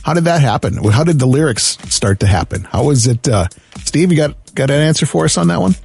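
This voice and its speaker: A man's voice: a little high, lively intonation, creaky, a little mellow, faint music behind. Upbeat male radio host. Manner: upbeat, asks questions in quick strings. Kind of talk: live radio interview. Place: radio studio.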